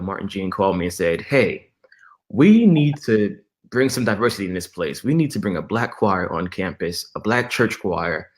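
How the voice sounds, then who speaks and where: A young man, a church musician, telling a story in a casual interview, acting out the dialogue with laughs. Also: fairly low pitch. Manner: animated storyteller, acts out quoted dialogue with laughs.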